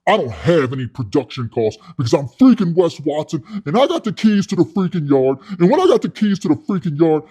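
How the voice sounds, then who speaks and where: A man playing a brash, boastful male ex-con fitness coach who brags loudly. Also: a little high, breathy edge. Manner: loud bragging, swearing-lite "freaking".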